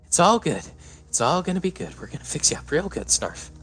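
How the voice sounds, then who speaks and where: A man's voice: on the high side, sing-song, brisk, a bit bright, breathy edge, soft background music, voice pushed up, heavily acted. A man voicing a young, protective son who speaks in a firm, reassuring way.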